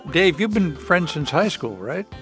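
A man's voice: a little high, sing-song, unhurried, fairly bright tone. A man hosts a radio interview, and his voice rises and falls a great deal. He sets up questions playfully, with faint music in the background. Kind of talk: broadcast interview.

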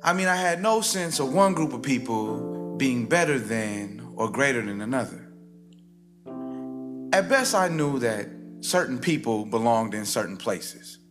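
A man, a rapper telling a spoken-word story in a rhythmic, wry way with dramatic pauses. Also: medium pitch, expressive. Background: guitar music.

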